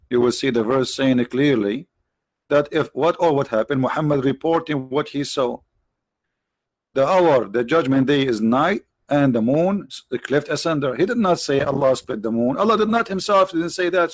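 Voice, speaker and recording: A man hosts a livestream in English that is not his first language, talking in a slightly high voice recorded dry and close. He mocks and needles with a steady run of rhetorical questions. His voice sounds worn, and he clears his throat between points. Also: moderate pace, no echo. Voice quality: non-native English phrasing. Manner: sarcastic, mocking, rhetorical questions. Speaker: livestream host. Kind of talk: mocking debate commentary.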